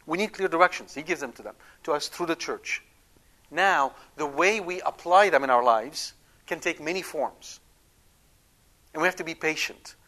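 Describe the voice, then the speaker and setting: A man's voice: on the high side, moderate pace, bright, forceful tone. A man giving an emphatic Catholic teaching talk, often checking in with his listeners. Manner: acts out quoted prayers. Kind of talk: catechetical talk.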